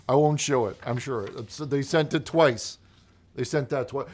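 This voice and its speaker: A man hosts a comedic call-in show and reads faxes aloud. His voice sits at a middle pitch. He stumbles and restarts his sentences often, as if caught off guard. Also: a little mellow. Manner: halting, flustered, many restarts. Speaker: host.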